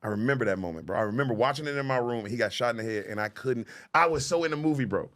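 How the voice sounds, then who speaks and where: A man in his thirties who talks in a lively way in a casual podcast chat and keeps saying "bro". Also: mid-range voice, racing. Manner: lively, says "bro" a lot.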